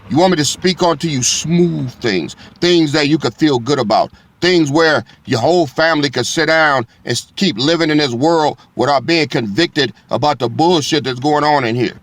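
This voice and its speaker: A man's voice: on the high side, moderate pace. A man preaching a blunt, profane sermon. He reads scripture aloud and keeps checking in with his listeners.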